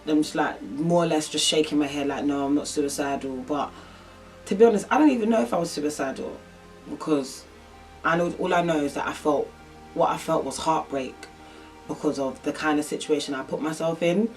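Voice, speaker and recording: A woman's voice: low-pitched, brisk, a little mellow, recorded from a distance, soft background music. A young woman telling a personal story in a vlog, rambling and emotional with lots of fillers. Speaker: vlogger.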